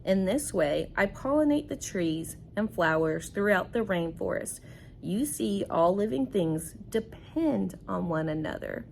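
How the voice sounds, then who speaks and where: A woman's voice: medium pitch, animated, unhurried, creaky, a little mellow, slight background noise. A woman reading aloud as a bee from a storybook, explaining earnestly. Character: busy bee explaining pollination.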